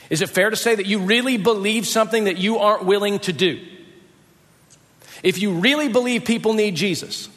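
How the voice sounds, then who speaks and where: A man's voice: high-pitched, a bit bright. A man preaching a sermon, emphatic and repeating rhetorical questions. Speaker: pastor. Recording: long reverb of a large hall.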